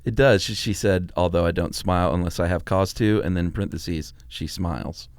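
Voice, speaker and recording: Middle-aged male podcast co-host, easygoing and chatty, low voice, dry studio sound. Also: fairly quick, no echo. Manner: easygoing, laughs often. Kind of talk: casual chat.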